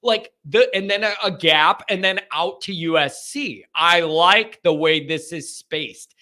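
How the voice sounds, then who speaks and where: Man, call-in host, high and bright voice, joking rants, casual chat. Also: unhurried. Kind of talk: live call-in fan chat.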